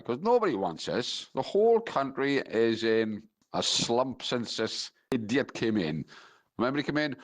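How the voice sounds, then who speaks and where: A man's voice: medium pitch, no echo. A man from Wales, calling in to a radio phone-in show and ranting angrily. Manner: angry, ranting. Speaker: caller.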